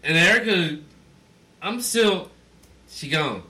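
A man's voice: sits high, animated, slow pace, bright, forceful tone. A drunk man hosting a podcast, telling a story in casual chat, acting out quotes and swearing a lot. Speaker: podcast host.

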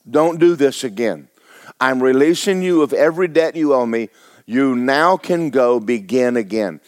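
Male pastor, mid pitch, conversational sermon with rhetorical questions, dry sound. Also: no room sound. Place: church sanctuary.

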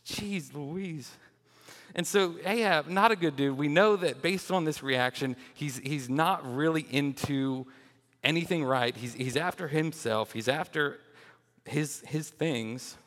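A young man giving a lively, joking sermon as a children's minister, often restarting his words. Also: fairly high pitch, a little slow, big-room sound. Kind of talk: animated sermon.

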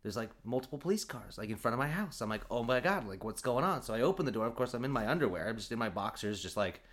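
Animated man telling a funny story. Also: medium pitch, fast talker. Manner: animated, acts out quotes, laughs often, many fillers. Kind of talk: casual comedic storytelling.

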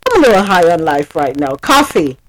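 A woman's voice: lowish voice, very animated, fairly quick, rough recording. A woman hosting a casual podcast, reading news and joking with blunt asides and frequent laughs. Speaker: podcast host. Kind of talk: casual chat and news recap.

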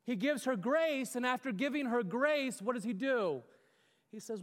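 A male pastor with a fairly high voice urges his listeners in an earnest sermon, frequently asking rhetorical questions. His animated delivery moves at a moderate pace, and a large hall gives it a long reverb.

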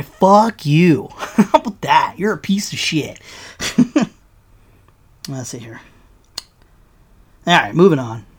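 A man hosting his own show, delivering a heated, profane, sarcastic solo rant to his listeners. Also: sits high. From United States. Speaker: podcast host.

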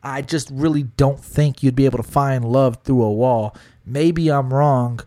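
A man's voice: mid-range voice, unhurried. Texas guy telling stories on a podcast, acts out the quotes, loose and chatty. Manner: animated storytelling, acts out quotes. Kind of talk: casual chat.

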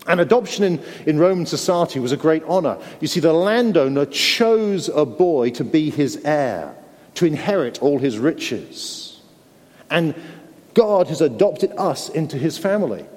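Guy preaching in a church, kinda high voice, earnest, stumbles and repeats himself a lot. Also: sing-song, a little slow, darkish tone. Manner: earnest, with frequent stumbling repeats and tag questions. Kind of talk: sermon. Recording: long hall reverb.

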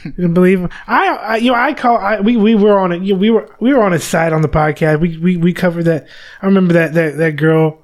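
A man's voice: sits high, quick pace. A young man co-hosting a podcast, rambling and stammering through crude casual chat. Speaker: podcast co-host.

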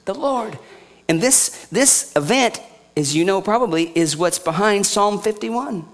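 A man preaching a sermon, firing rhetorical questions at his congregation and swinging from quiet teaching to loud indignation. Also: sits high, expressive, measured pace.

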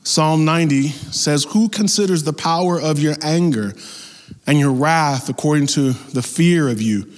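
Animated preaching man in a big hall. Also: fairly high pitch, normal speed. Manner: animated, conversational preaching with acted asides. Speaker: pastor. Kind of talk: sermon.

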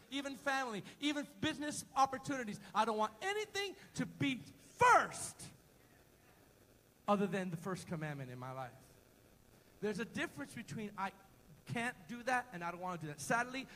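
A man's voice: high-pitched, bright, forceful tone, in a large hall, slight background noise, rough recording. A man preaching a sermon as pastor in a church, emphatic and repetitive, calling on the congregation to answer back. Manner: emphatic call-and-response preaching.

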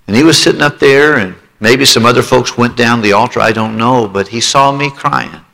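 A man's voice: medium pitch, a little fast, vocal fry, pushed and bright. A man preaching a sermon, telling his own testimony and pleading with listeners to respond. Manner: emotional testimony, rising to pleading altar call. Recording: long hall reverb.

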